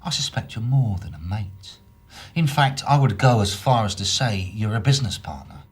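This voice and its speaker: A man's voice: on the low side, animated, moderate pace, breathy edge. An actor playing a male police detective who questions a suspect with sardonic, probing remarks.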